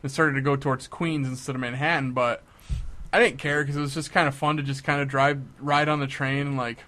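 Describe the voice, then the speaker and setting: A young man chatting casually on a podcast, telling a story with lively acted-out quotes. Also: medium pitch, brisk. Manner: animated storyteller, acts out quotes. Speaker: podcast co-host.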